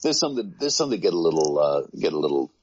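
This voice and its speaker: Very deep, husky man. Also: big pitch swings, quick pace. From United Kingdom. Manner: rambling, self-deprecating, frequent restarts. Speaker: voice actor guest. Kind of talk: casual conversation. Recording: muffled low-fidelity sound.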